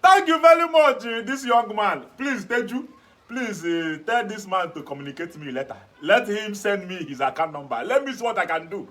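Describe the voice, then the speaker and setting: High-pitched man from Nigeria, eager and earnest panelist. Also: lively intonation, normal speed, pushed and bright. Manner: enthusiastic, earnest agreement. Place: television studio.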